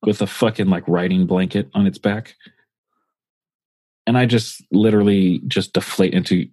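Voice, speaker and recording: Podcast co-host, male, low husky voice, loose swearing storyteller, dry close mic. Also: fairly even intonation, normal speed, pauses often, dark tone, no echo. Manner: rambling, profane, full of fillers. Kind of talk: casual storytelling.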